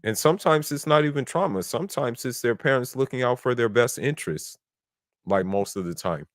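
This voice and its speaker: A man's voice: medium pitch, expressive, fairly quick, no echo, clean studio sound. A man in a casual podcast discussion who talks bluntly and argues his points, at times reciting verses in Arabic. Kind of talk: casual debate talk.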